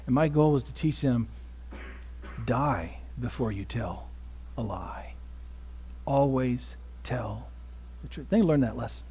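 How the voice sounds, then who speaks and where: A man preaching a sermon as pastor, dropping to hushed asides and rising to loud emphasis, often asking the congregation questions. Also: medium pitch, expressive, slow, long pauses, husky. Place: church sanctuary.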